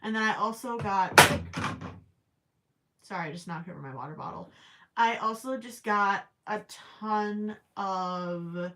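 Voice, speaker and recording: A woman's voice: mid-range voice, unhurried, pushed and bright, slight background noise. A woman chatting casually with her viewers while she crochets, rambling with plenty of ums and self-deprecating asides. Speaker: crochet livestream host.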